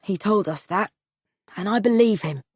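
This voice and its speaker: A woman's voice: medium pitch, moderate pace, a little mellow, slightly rough, no echo, studio quality, lightly acted. A woman voicing a practical factory owner who speaks in a plain, reassuring way. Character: worried factory owner brother, practical man.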